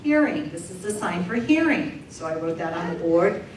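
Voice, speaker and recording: A woman interpreting a deaf comedian's stand-up set aloud for a live audience, in a lively, animated way. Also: on the low side, normal speed, a little hiss or hum. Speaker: sign language interpreter voicing a deaf comedian. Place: large room with a live audience. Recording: echoey distant room recording.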